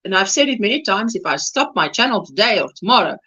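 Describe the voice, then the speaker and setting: A woman's voice: mid-range voice, big pitch swings, fast, sharp tone, slightly rough, lo-fi sound. A South African woman hosting a crochet livestream, chatting casually and reading out and greeting viewers' comments by name.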